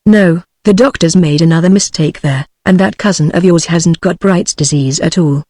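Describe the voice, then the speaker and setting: A woman's voice: fairly low pitch, moderate pace, dry recording, clean studio sound, close to an everyday voice. A text-to-speech woman's voice with a British English accent, reading the lines of a cheerful man who is recovering from illness. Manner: even synthetic reading, no character voice.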